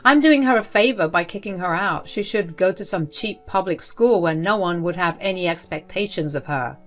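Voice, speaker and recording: A woman voicing a cold, spiteful older grandmother who runs a school, reading her lines in a sneering, dismissive way, with soft music behind. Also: on the low side, moderate pace, close to an everyday voice. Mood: contemptuous.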